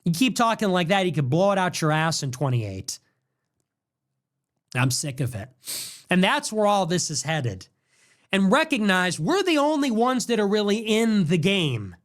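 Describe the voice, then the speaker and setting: Combative high-voiced male podcast host. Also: big pitch swings, measured pace. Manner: combative, mocking, repeats ultimatums. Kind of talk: political monologue rant.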